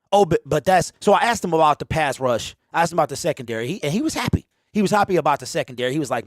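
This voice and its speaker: A man's voice: fairly high pitch, big pitch swings, quick pace, no echo, studio quality. A man in his forties hosting a fan livestream, rambling and teasing his chat in a casual rant. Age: 40s.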